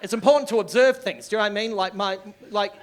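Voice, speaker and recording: Aussie comic in his sixties, kinda high voice, rambles and swears, live stand-up set. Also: quick pace, noisy background. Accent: Australian. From Australia. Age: 60s. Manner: excitable, sweary, rambling storyteller. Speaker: stand-up comedian. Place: comedy club stage.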